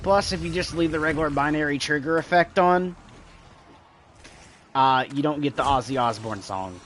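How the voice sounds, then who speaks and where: A man's voice: fairly high pitch, normal speed, fairly bright tone, a little hiss or hum. A man streaming a shooter game, chatting casually to his viewers and imitating game sounds as he explains. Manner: rambling, talks to chat, imitates sounds. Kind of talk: casual gameplay commentary.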